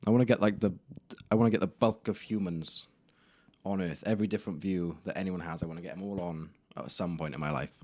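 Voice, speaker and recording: A man's voice: low-pitched, fast, a little mellow, no room sound. A young man hosting a solo podcast, telling embarrassing stories in a rambling, self-deprecating way with casual swearing. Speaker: podcast host. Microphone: camera mic in a room.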